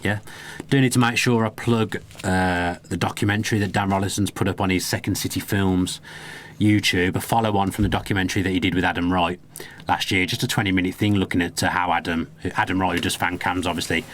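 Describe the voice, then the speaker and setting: Man, podcast host, very deep voice, rapid football chat, teasing asides in a booth. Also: fairly even intonation, a bit bright, a little hiss or hum. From Birmingham, England. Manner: leads the talk, teasing asides.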